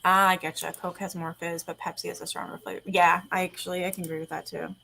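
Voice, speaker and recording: A woman's voice: on the low side, flat delivery, fast talker, gravelly, bright, forceful tone, poor audio. A young adult woman hosting a casual livestream chat, talkative, laughing often and swearing casually. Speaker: host.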